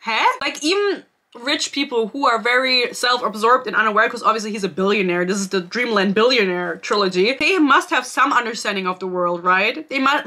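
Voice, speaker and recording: A woman's voice: fairly high pitch, bright, forceful tone. A woman giving a casual, sarcastic book review rant, swearing freely and laughing often.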